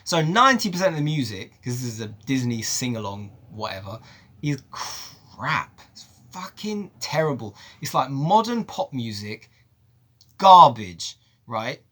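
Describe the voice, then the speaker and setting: A man's voice: medium pitch, a little slow. Man ranting as a film reviewer. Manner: animated, profane, exasperated ranting.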